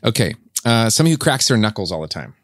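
A man's voice: lowish voice, big pitch swings, rapid-fire, no room sound. A middle-aged man co-hosting a marriage podcast, casual, with dry, teasing humor. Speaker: podcast co-host. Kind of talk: casual chat.

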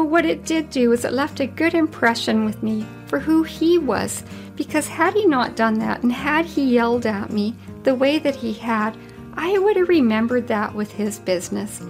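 A woman's voice: on the high side, expressive, moderate pace, soft background music. A woman in her sixties, a retired grandmother, hosting a solo podcast and telling stories in a chatty way, laughing now and then. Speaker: podcast host.

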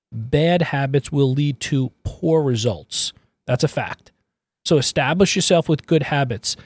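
A man's voice: fairly high pitch, a little mellow, no room sound. A man hosting his own motivational podcast as a mindset coach, talking emphatically and repeating key phrases for emphasis.

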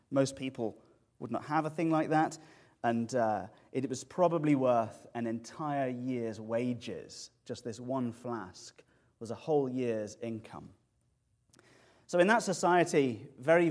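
A man preaching an expository sermon, lively and animated as he explains words and tells the story. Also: medium pitch.

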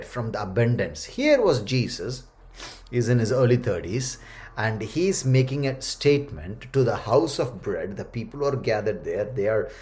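A man's voice: mid-range voice, darkish tone. A man preaching a sermon as pastor, reading scripture aloud and stressing key phrases with earnest emphasis. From India.

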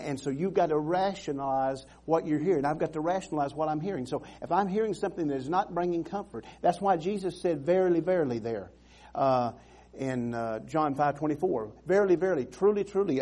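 A man's voice: on the high side, brisk, dark tone. A man preaching a sermon in an earnest, emphatic way, repeating phrases and restarting sentences.

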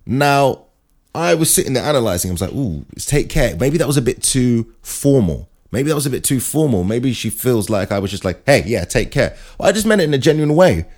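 A man tells a story to camera in a chatty, self-mocking way. His voice swings widely in pitch and keeps a mid-range tone throughout, so the anecdote sounds lively and expressive. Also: brisk. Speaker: vlogger. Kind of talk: casual comic monologue.

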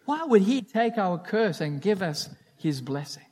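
Male preacher, fairly high voice, earnest and emphatic sermon delivery. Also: very animated, measured pace, darkish tone.

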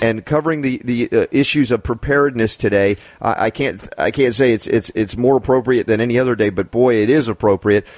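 A man's voice: medium pitch, a little fast, few pauses, darkish tone, soft background music. A man hosting a talk show, affirming his guest and promoting upcoming material. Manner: affirming, plugs the show and a seminar. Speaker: show host. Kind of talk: casual interview chat.

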